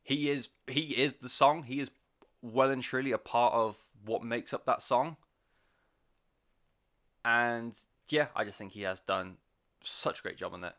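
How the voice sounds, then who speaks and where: A man's voice: medium pitch, unhurried, pauses often, pushed and bright. A man giving a casual, enthusiastic music review, rambling with plenty of fillers and swearing. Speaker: album reviewer.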